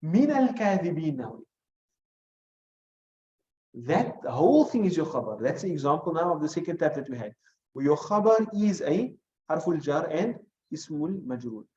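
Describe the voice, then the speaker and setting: Male teacher with a fairly high, mellow voice that quizzes a class step by step, recorded in an echoey room. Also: very animated. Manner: explains step by step, quizzing students with questions; recites short Arabic phrases quickly. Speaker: Arabic grammar teacher. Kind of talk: classroom lesson. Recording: echoey room, dull lo-fi sound.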